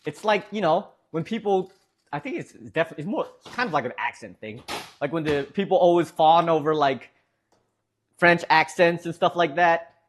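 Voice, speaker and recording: A man's voice: fairly high pitch, lively intonation, moderate pace, a little hiss or hum. A man streaming, chatting casually with his viewers in a rambling, hesitant way, restarting sentences and chuckling.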